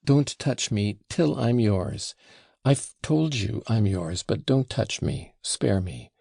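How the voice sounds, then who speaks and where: A man's voice: lowish voice, big pitch swings, takes it slowly, vocal fry, warm tone, slightly rough, no echo, exaggerated voice. A man reading an audiobook and voicing an impulsive young woman who pleads and commands by turns, breathless and imploring. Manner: breathless, imploring, swinging between giddy and faint.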